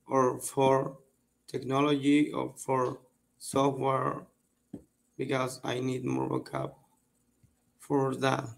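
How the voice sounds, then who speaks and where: A man's voice: mid-range voice, gravelly. A man, learning English on a video call, hesitant and searching for his words. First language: Spanish. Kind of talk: online English lesson.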